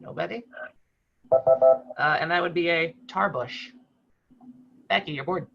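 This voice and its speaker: A man hosting a trivia quiz over a video call, reading clues in a brisk, matter-of-fact way. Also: fairly high pitch, creaky, a bit bright, faint music behind. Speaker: quiz host. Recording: slightly muffled video call audio.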